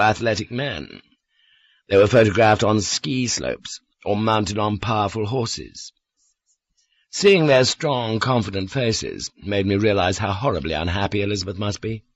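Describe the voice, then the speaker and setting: Low-voiced man reading an audiobook. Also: dry recording. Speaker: audiobook narrator. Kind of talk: scripted first-person narration.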